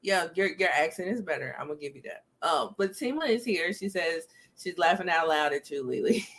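Speaking at a normal speed, this podcast host has a lowish, expressive voice with a fairly bright tone. She keeps the conversation casual and candid, laughing often and dropping plenty of ums along the way.

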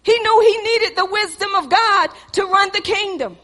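A woman preaching with passion, her very high, bright voice surging loud and then dropping to a hush. A long hall reverb trails behind her words. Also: moderate pace. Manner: passionate, swinging between loud exhortation and hushed intensity. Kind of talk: sermon.

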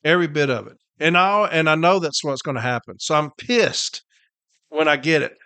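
A tired, irritated man with a drawl rants on his podcast, blunt and profane, pounding each point again and again. His voice sits fairly high for a man. The recording is close and dry, with no room sound. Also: normal speed, bright, forceful tone, no room sound. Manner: blunt, heated, profane, repeats points for emphasis. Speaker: podcast host and union representative. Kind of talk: casual profane rant.

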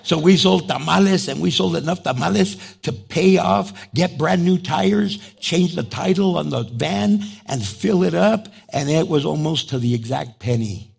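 A man's voice: moderate pace, vocal fry, hardly any pauses, breathy edge. A middle-aged male pastor with a New Mexican Chicano accent, telling a story in a sermon and acting out the dialogue. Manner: animated, acts out dialogue with big pitch jumps.

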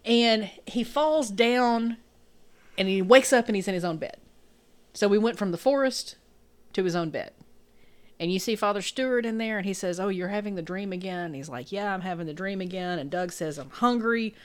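A woman's voice: medium pitch, normal speed, clean tone. A woman co-hosting a podcast, casually recapping a movie scene by scene and laughing often. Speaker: podcast co-host.

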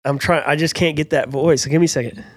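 Male podcast co-host, husky, dry close sound, casual and joking. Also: on the high side, steady tone, no room sound. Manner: laid-back, playful, halting when stuck. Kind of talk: casual chat, impression game.

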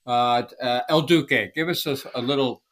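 A male podcast host sets up his guest with a halting, filler-laden question. His voice sits in an ordinary middle pitch. He sounds conversational and unhurried. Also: a crowd in the background. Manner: halting, many 'uh's and 'um's. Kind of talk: podcast interview.

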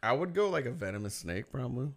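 A fast-talking man chatting casually with friends. His pitch swings widely as he tells stories and jumps into silly voices for the people in them. Loose, joking banter. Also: creaky. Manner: animated storyteller, acts out quotes in funny voices.

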